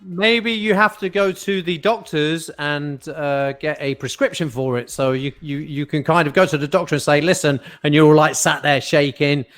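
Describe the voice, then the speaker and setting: A man's voice: a little high, fairly even intonation, normal speed, hardly any pauses, fairly bright tone. A man co-hosting a podcast, teasing dryly and stumbling over his words in casual banter. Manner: dry, stammering, teasing. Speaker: podcast co-host.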